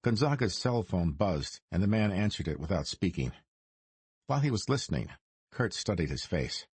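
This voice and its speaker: A man narrating a crime noir audiobook in a measured storytelling manner. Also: deep voice, big pitch swings, a little mellow, husky, dry recording.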